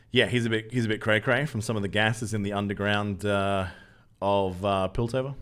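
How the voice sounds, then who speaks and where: A man's voice: lowish voice, a bit bright. Australian man chatting on stream. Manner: jokey, loose banter, reads out chat and answers. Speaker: game streamer. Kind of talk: casual live-stream chat with viewers.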